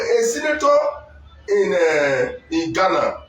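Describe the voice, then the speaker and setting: A man from Nigeria on a political panel, talking in an animated way with many hesitations and asides. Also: a little high, moderate pace. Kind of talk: political discussion. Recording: echoey room, voice from far off, faint music.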